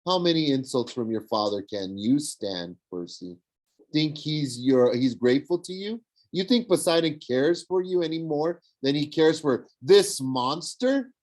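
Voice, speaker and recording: Man voicing a smug young villain, sneering, slow and taunting. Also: on the high side, lively intonation, a little mellow, voice pushed up, poor audio. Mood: mocking. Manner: sneering, mocking. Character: smug young male villain, mocking and persuasive.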